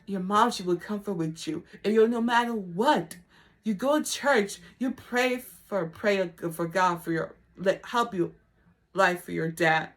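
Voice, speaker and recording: A woman talking to camera in a personal vlog, halting and emotional, with simple, repetitive phrasing that often sinks to a soft whisper. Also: mid-range voice, animated. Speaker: vlogger.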